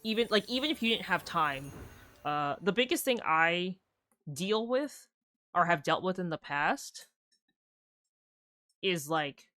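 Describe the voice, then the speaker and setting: A woman's voice: fairly low pitch, pushed and bright. A woman streaming a video game, chatting casually and rambling through stories while acting out what her friend said. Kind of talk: casual live-stream chat while gaming.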